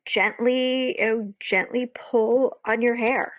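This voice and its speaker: A woman's voice: a little high, fairly even intonation, slow. A woman guest on a podcast, talking candidly and emotionally with many fillers. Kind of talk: casual conversation. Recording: dull lo-fi sound.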